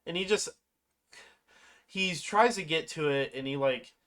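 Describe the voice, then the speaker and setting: Casual movie recapper, rambling and profane, mid-pitched voice, slips into animated quotes. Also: a little slow. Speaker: movie reviewer.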